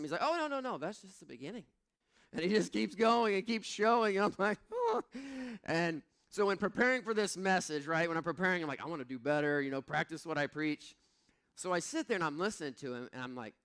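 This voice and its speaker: A middle-aged man preaching a sermon as pastor, telling personal stories in a conversational way that moves between hushed reflection and emphatic points. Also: a little high, smooth.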